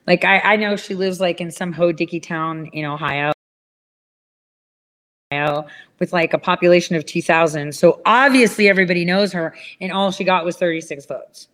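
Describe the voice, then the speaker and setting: A woman's voice: fairly even intonation, normal speed, fairly bright tone. Rambling, swearing woman ranting casually. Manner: rambling, swears, acts out quoted people in a higher voice.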